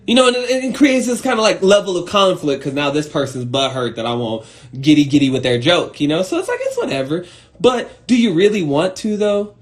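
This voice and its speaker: A man hosting a casual live talk to his viewers, swearing freely and speaking with emphatic, direct energy. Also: fairly high pitch. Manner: profane, animated, emphatic, talks to viewers directly. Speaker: host of an Instagram live talk. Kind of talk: casual motivational rant. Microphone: phone.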